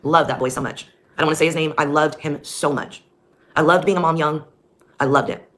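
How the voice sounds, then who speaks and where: Her voice is low, a bit bright, and fairly even in intonation as she moves briskly through her story of being a mother. The telling is blunt, heated, and full of swearing, with music audible behind her.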